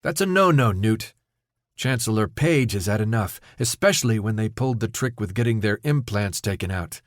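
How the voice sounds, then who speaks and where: A man voicing a hard, scornful female guard in an audiobook, raising his pitch for her. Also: lively intonation, moderate pace, no room sound, clean studio sound, natural voice. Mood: taunting.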